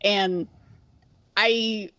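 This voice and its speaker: A woman of middle pitch weighs in on a podcast with wry, thoughtful observations. Her voice is close and dry, with no room around it. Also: fairly even intonation, extremely slow, fairly bright tone, no room sound. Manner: wry, analytical. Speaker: guest podcast host. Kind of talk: casual chat.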